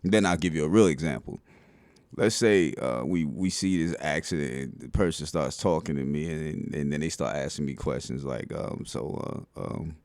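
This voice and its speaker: A middle-aged man with a Bronx New York accent, telling stories in a relaxed, slangy way for his video channel. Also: a bass voice, normal speed, no echo. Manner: relaxed street slang, keeps saying "you know what I'm saying". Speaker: vlogger. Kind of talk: casual storytelling monologue.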